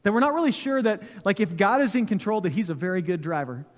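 A man in his thirties preaching a sermon in a church, telling stories in a relaxed, conversational way with touches of humor. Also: sits high, fast talker. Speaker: pastor. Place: church sanctuary. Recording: long hall reverb.

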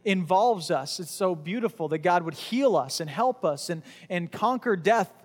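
A man's voice: high voice, animated, moderate pace. Conversational man preaching in a reverberant hall. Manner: conversational, acts out quoted voices, rhetorical questions. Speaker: pastor. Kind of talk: sermon. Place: church sanctuary. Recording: long church hall reverb.

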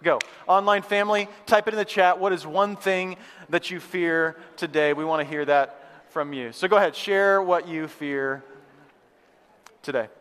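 A male pastor giving a lively, conversational sermon to a live church congregation, repeating phrases for emphasis. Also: fairly high pitch, normal speed, clean tone. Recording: long hall reverb.

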